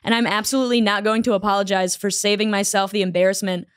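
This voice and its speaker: A woman's voice: mid-range voice, fast, smooth, no echo, studio quality. A woman co-hosting a casual chat show, reading a letter aloud with frequent laughter and playful put-on voices. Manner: animated, laughs often, puts on silly voices. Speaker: podcast co-host reading a letter.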